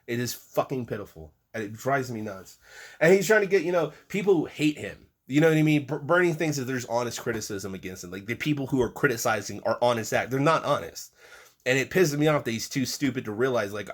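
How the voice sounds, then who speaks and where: A man in an angry political rant, profane and exasperated, mocking and swinging between loud outbursts and low muttering. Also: expressive, a little fast. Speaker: political commentator.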